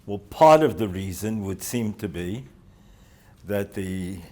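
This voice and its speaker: An older man, a rosh yeshiva, giving a holiday talk to students, telling stories with dry humor and pausing often with "uh.". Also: on the low side, lively intonation, a little mellow. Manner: halting, with frequent "uh" fillers. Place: yeshiva in Jerusalem.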